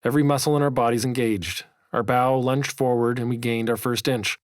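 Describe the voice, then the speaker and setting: A man narrating his own memoir audiobook in a measured, vivid storytelling manner. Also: medium pitch, steady tone, a little hiss or hum.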